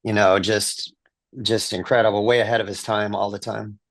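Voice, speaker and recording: A man's voice: on the low side, flat delivery, normal speed, no echo. A middle-aged man, a guest musician, chatting casually in an interview, rambling with many restarts and fillers.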